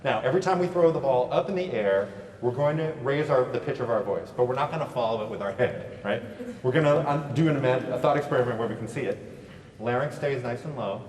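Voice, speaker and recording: A man leading a choir through warm-up exercises, upbeat and encouraging, heard from a distance in a large echoey hall. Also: medium pitch. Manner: upbeat, encouraging, quick praise. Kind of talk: choral warm-up instruction. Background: choir singing along.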